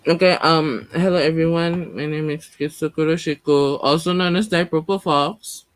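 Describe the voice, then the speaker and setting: A man's voice: a little high, steady tone, moderate pace, clear, resonant tone, no echo. A man as a podcast guest in casual chat, hesitant and full of fillers.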